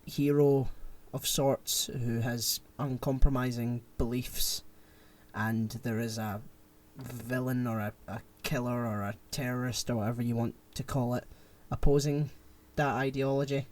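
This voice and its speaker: A man co-hosting a podcast, chatting casually and retelling a film plot in an animated, rambling way. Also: medium pitch, measured pace. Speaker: podcast co-host. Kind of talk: casual chat.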